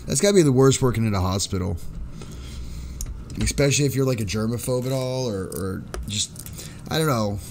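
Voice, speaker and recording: A man's voice: mid-range voice, normal speed, long pauses, darkish tone. A man chatting casually on a live stream from home, answering his viewers' messages, with a slight sore throat and an occasional cough. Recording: noisy stream audio.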